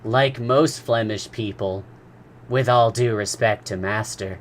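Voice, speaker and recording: A man's voice: lowish voice, a little slow, slight background noise, natural voice. A man reading a novel aloud, voicing a serene, polite manservant. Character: calm, deferential manservant, adult man, philosophical.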